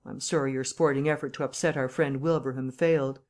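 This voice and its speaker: A woman's voice: very deep voice, fairly even intonation, a little fast, a little mellow. A cheery, hearty young chap in a storybook, slangy and full of teasing good humour, as a woman reader puts him on. He jollies his friend along with easy banter. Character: jovial hearty young English gentleman journalist.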